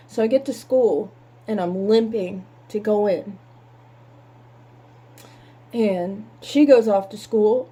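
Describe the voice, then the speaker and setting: Woman, husky voice, higher pitch, mellow tone, halting and tearful storytelling. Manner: halting, repeats words, near tears. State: holding back tears. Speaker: channel host telling a personal story. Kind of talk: emotional personal storytelling.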